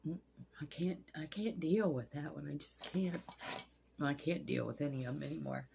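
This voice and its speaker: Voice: medium pitch, moderate pace, vocal fry, darkish tone, a little hiss or hum. A person in their sixties telling a rambling, emotional late-night personal story, swearing often.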